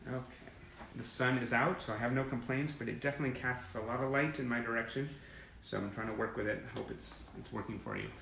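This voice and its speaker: Speaking quickly, a man runs a fan livestream, enthusiastically rambling through old press clippings and greeting viewers by name. His mid-range voice is bright and forceful with vocal fry. Streamed by webcam or phone from a sunlit indoor room, the poor audio sounds roomy with a little hiss or hum.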